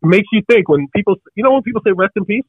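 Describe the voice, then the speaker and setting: An older man telling a story casually on a podcast, animated, and acting out the people in it. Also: high-pitched, racing, slightly rough, no room sound, phone-quality sound. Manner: animated, acts out the other people in his story.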